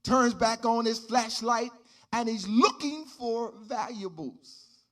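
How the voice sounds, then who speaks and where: A man preaching as a pastor, telling a story in his sermon and building up to loud shouted calls. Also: very high voice, takes it slowly, faint music behind. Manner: animated, rising to shouts.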